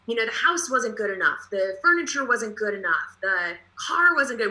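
Bright-voiced woman guest in an echoey room. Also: fairly high pitch, animated, a little slow. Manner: thoughtful, earnest, repeats phrases for emphasis. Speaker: podcast guest. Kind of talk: reflective conversation.

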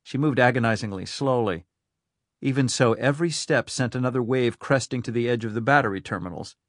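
A man reads a thriller audiobook in a steady, even storytelling voice at an everyday mid pitch. The recording is dry and close, with no room sound. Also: a little fast, no room sound. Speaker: audiobook narrator. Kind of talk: scripted thriller narration.

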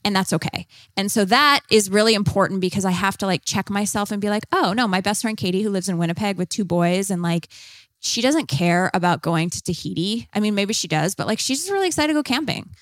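A woman's voice: mid-range voice, fairly quick, no echo. A woman guest on a podcast interview, talking casually with lots of "like" fillers and acting out quoted lines. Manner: chatty, many "like" fillers, acts out quoted lines.

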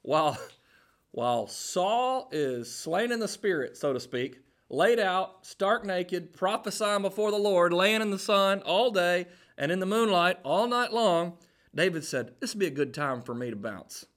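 Male preacher, slightly high voice, very lively pitch, playful storytelling sermon. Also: unhurried. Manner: animated, jokey storytelling with acted-out quotes.

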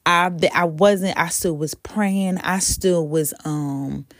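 Low, gravelly woman podcaster at home. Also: slow pace, dry recording, clean studio sound. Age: adult, mother of a toddler. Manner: rambling, conversational, self-correcting, addresses listeners as y'all. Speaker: podcast host. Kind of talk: casual faith talk podcast.

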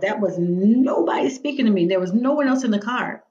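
A woman guest, executive director of a nonprofit, tells personal faith stories on a podcast and vividly acts out the voices of the people in them. Her medium-pitched, mellow voice is animated and a little fast, though the recording is muffled.

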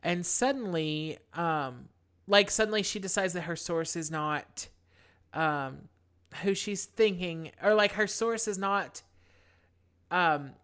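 Young female podcast host, lowish voice, casual true-crime recapper. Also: slow, clean tone. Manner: relaxed, chatty, many fillers.

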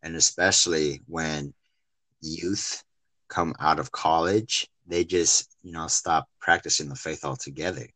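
A man's voice: very deep voice, steady tone, measured pace, pushed and bright, no echo. A man interviewing a guest about faith, laid-back and full of fillers.

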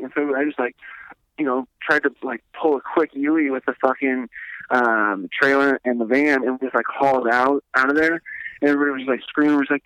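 A man's voice: medium pitch, steady tone, fairly quick, fairly bright tone, smooth, no echo, rough recording. Rambling, profane male podcast guest. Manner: rambling, profane, many fillers like "like". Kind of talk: casual storytelling.

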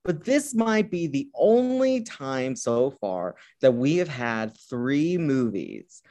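A man co-hosting a casual movie podcast, talking in an animated way and reading film lines aloud. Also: mid-range voice, slow. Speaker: podcast co-host.

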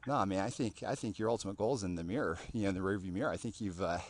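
A man hosting a casual podcast interview, rambling and filling pauses with ums and restarts. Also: low-pitched, dry recording. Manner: rambling, lots of fillers and restarts. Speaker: podcast host.

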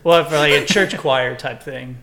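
A man's voice: a little high, unhurried, echoey room, a crowd in the background. A young man from Texas, a podcast co-host, chatting casually and rambling with lots of "like" and swearing. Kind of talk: casual chat.

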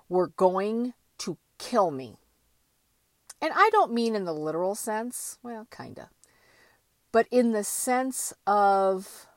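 A woman's voice: medium pitch, dry recording. A woman giving a candid motivational monologue, blunt and emphatic, with casual swearing. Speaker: motivational vlogger.

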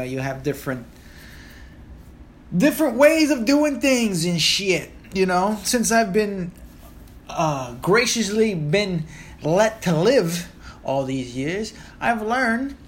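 A Puerto Rican man in his thirties talks alone into a close podcast mic, swearing freely as he rambles and jokes. His voice sits high and swings widely up and down. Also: sing-song, slow pace, long pauses, a little hiss or hum. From Puerto Rico. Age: 30s. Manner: profane, rambling and joking. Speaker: podcast host. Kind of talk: casual monologue.

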